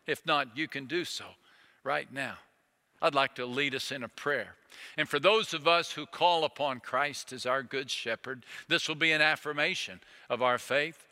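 A man preaching a sermon as pastor, earnest and pleading, slowing down to repeat key phrases. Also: medium pitch, pushed and bright, big-room sound.

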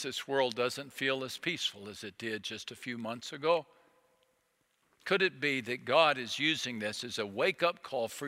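Earnest preaching man, bright voice. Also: medium pitch, big-room sound. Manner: earnest, pleading, repeats key phrases slowly. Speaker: pastor. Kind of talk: sermon.

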